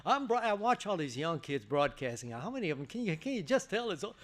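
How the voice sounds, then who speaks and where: Animated older man telling stories. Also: high voice, quick pace, hardly any pauses. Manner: animated storytelling, acts out quotes; stammers and restarts. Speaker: guest speaker. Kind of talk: banquet speech. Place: church banquet hall.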